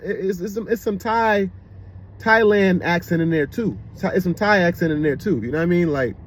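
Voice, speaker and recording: Male vlogger with a DC-area accent, slightly raised pitch, loose rambling commentary, cars faintly heard outside. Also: slight background noise. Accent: Washington DC area. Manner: rambling, with repeated fillers. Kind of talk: casual commentary. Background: loud car passing outside.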